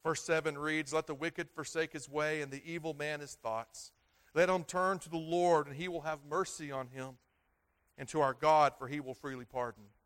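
A man's voice: on the high side, fairly even intonation, normal speed, a bit bright. A man in his thirties, a pastor preaching a sermon with earnest, repetitive emphasis that swells and falls. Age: 30s.

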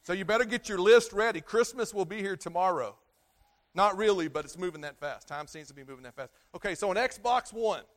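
A man preaching a sermon, repeating himself and restarting phrases, swinging between loud stresses and quiet, low endings. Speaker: pastor.

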